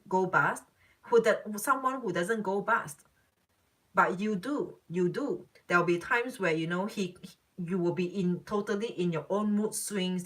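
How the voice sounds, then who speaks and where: A woman's voice: medium pitch, fairly bright tone, low-quality recording. A woman giving a live psychic reading, talking bluntly and repeating her points. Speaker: psychic reader. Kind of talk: live-stream reading, casual chat.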